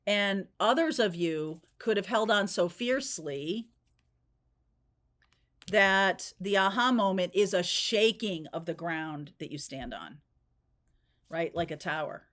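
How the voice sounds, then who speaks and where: A woman's voice: lowish voice, slow, a bit bright. A woman giving a spontaneous tarot reading, talking in a chatty, rambling way and often checking in with "okay?" and "right?". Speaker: tarot reader.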